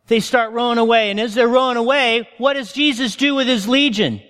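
A man with an unusually high voice delivers a sermon from the pulpit, and the words ring out with the long echo of a big church hall. He preaches as a pastor and tells the story in a lively way, calling the congregation friends. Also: fairly quick, few pauses. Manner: animated storytelling, addresses listeners as friends. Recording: long reverb of a large hall.

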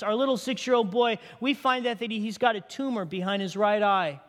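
A middle-aged man, a pastor, telling a personal story in a sermon with strong emotion, dropping to hushed tones. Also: high-pitched, fairly quick, few pauses, in a large hall. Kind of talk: sermon testimony.

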